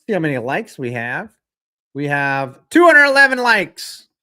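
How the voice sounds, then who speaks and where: A young man hosting a live football reaction stream, ranting with lots of swearing and calling plays with sudden bursts of excitement. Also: fairly high pitch, measured pace. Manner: profane, ranting, jumps into excited play calls.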